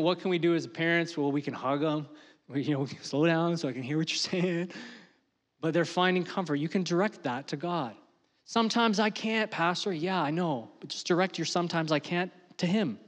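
A middle-aged man preaches in a fairly high voice. His delivery climbs to loud, impassioned peaks and then falls back to hushed, gentle lines. A long reverb trails every phrase, as in a large sanctuary. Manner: rises to loud emotional peaks, then drops to soft. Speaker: pastor. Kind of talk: sermon.

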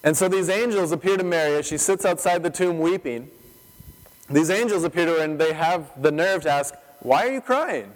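A man delivers a sermon in a fairly high voice, telling the scripture as a vivid story. He keeps asking rhetorical questions of his listeners. His words trail off into the long reverb of a large hall. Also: fairly even intonation, fairly quick. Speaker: pastor.

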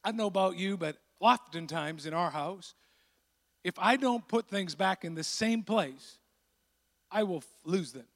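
A pastor preaching a sermon, animated, acting out the voices of the people in his story. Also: high voice, a little slow. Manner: animated, acts out voices of the disciples. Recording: long hall reverb.

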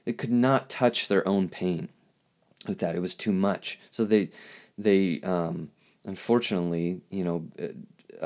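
A man hosting a podcast, speaking in a halting, reflective monologue with lots of restarts, and openly emotional. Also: on the low side, a little mellow. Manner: halting, searching for words, emotional. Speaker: podcast host.

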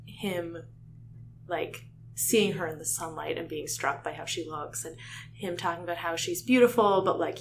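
A woman's voice: on the low side, fairly bright tone, slight background noise. Chatty young woman discussing a book. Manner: chatty, with many "like" fillers, reads passages with feeling. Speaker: podcast co-host. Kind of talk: casual book discussion and reading aloud.

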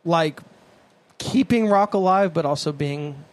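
High voiced podcast guy, chill, laughs all the time, cusses. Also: measured pace. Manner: laid-back, laughs a lot, swears. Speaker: podcast co-host. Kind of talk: casual podcast chat.

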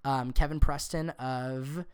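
Young guy podcast host, hoarse from a cold, raspy but smooth underneath, lots of ums. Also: mid-range voice, fairly even intonation, takes it slowly, a little mellow. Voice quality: raspy, sniffly. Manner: rambling, filler-heavy. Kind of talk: casual podcast interview.

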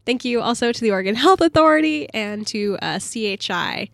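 A woman co-hosting a podcast, chatting in a loose, playful way. Her pitch moves a lot as she jokes and laughs. She sounds relaxed and teasing with her co-host. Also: brisk, vocal fry, dry recording. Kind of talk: casual chat.

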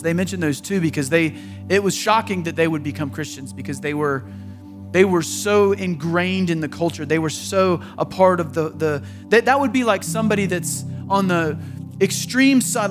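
High-voiced male pastor preaching over music. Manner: conversational, acts out quoted voices. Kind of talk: sermon.

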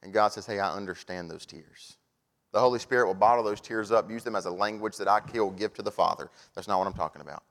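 A man preaching a sermon, telling folksy stories and swinging from soft asides to loud, animated points. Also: fairly low pitch, quick pace, gravelly.

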